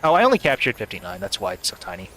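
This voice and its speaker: A man's voice: fairly low pitch, huge pitch swings, rapid-fire, a bit bright. A man streaming live gameplay, talking casually and rambling with many restarts and frequent laughter. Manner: rambling, stammering, laughing often.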